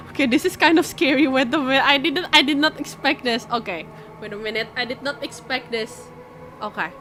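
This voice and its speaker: A woman's voice: high-pitched, animated, fairly quick. A woman streamer reading a horror visual novel aloud, breaking off into jumpy, frightened exclamations. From Indonesia. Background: game music.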